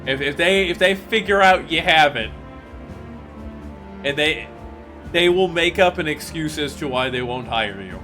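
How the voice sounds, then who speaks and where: A man streaming a game, talking casually and profanely, venting in an animated way with loud mock outbursts. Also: fairly high pitch, a little slow, pauses often, faint music behind. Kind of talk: casual gaming stream commentary.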